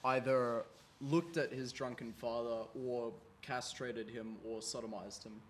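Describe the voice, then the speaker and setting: A young adult man co-hosting a casual podcast, retelling things in a deliberate way. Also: mid-range voice, fairly even intonation, a little hiss or hum. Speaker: podcast co-host. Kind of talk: casual chat.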